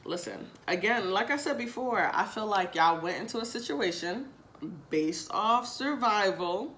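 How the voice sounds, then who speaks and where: A woman's voice: mid-range voice, lively intonation, unhurried, fairly bright tone, slight background noise. A woman giving a casual tarot reading straight to her viewers, chatty and repetitive, with casual swearing. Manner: chatty, repeats phrases, casual swearing, addresses viewers directly. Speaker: tarot reader.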